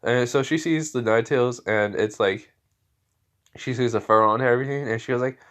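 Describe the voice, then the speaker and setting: A man's voice: mid-range voice, normal speed, fairly bright tone. Rambling man telling a fan story. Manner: rambling, many fillers and restarts. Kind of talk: improvised fan story narration.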